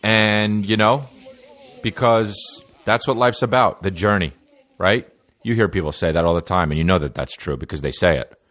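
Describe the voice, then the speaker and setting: A man's voice: on the low side, moderate pace, a bit bright. A man in his thirties hosting a podcast, rambling through a casual comedic monologue full of profanity, restarts and jokes. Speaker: podcast host.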